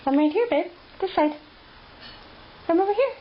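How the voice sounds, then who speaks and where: A woman gently coaxing and praising her toddler in soft baby talk, filmed at home on a handheld camera. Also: extremely high pitch, expressive, normal speed. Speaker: parent filming her toddler. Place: home, by the stairs and in a child's room. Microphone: handheld camera filming from behind. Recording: dull lo-fi home video with background noise.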